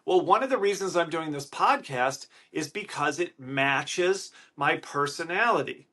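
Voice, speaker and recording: Nasal, excitable Wisconsin man. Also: fairly high pitch, unhurried. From Wisconsin, USA. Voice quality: nasal, slightly congested-sounding. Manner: loud, excited, emphatic delivery. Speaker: podcast host. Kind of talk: energetic motivational podcast monologue. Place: hotel room.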